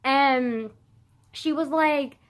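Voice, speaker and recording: A woman's voice: sits high, extremely slow. A young woman telling a personal story in a casual vlog, rambling with constant "like" and casual swearing.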